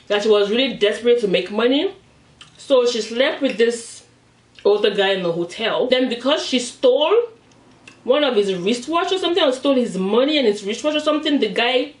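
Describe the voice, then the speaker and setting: A young Nigerian woman vlogger with a Nigerian accent, retelling a story animatedly as she eats. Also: fairly high pitch. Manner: animated, dramatic retelling, acts out voices. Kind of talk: storytime chat while eating. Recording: roomy, mic at a distance.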